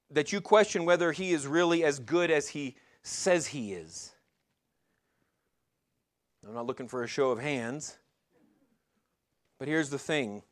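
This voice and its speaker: Conversational preaching man, fairly high voice. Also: fairly bright tone. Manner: conversational, asks the audience rhetorical questions. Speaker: pastor. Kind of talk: sermon.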